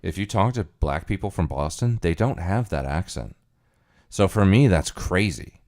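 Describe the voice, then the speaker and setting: A man with a very low voice hosts a casual livestream. He rambles loosely and muses out loud as he works through his thoughts, often circling back to restate a point. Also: lively intonation, normal speed. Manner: musing, rambling, thinking aloud. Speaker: livestream host.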